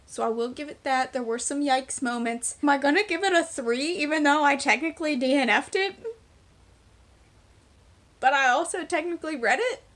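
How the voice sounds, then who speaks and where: High-voiced chatty woman vlogger. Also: normal speed, a bit bright. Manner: chatty, candid, rambling. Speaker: book vlogger. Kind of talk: casual vlog chat.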